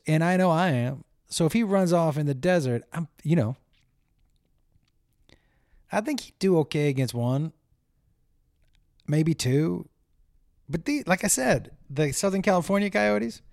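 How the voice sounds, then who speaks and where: Guy hosting his own show, chatty and swearing a lot, kinda high voice, dry close mic. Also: no room sound. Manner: animated storyteller, swears freely, acts out voices. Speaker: comedian podcast host. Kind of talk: casual rambling monologue.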